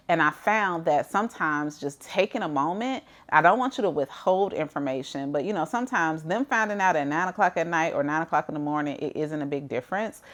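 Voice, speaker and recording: A middle-aged woman, coaching real estate agents in a candid, conversational way. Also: low-pitched. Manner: candid, conversational, frequent "like" and "you know". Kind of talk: coaching monologue to camera.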